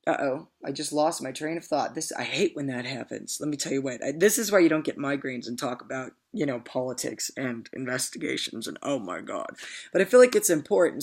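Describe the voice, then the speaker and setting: Emphatic voice, rambling rant, mid pitch, talks directly to viewers. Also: a bit bright. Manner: rambling and emphatic, often loses the thread; addresses viewers directly with repeated "okay?". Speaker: political commentator vlogger. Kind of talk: casual opinion rant.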